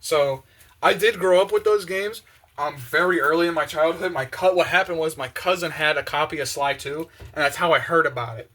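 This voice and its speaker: A young man chatting casually and excitedly, full of slang and fillers, while doing the dishes in his kitchen. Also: a little high, fairly quick. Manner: excited, slangy, many fillers, acts out quotes. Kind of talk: casual rambling monologue. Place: home kitchen with open windows.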